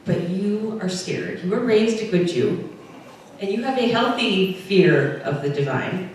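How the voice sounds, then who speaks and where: A woman preacher slowly spins a vivid story, putting her listeners right into the scene. Her voice echoes heavily around the church, picked up by a mic some way off. A faint noise sits underneath. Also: medium pitch, darkish tone, recorded from a distance. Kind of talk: sermon, retelling a scripture story.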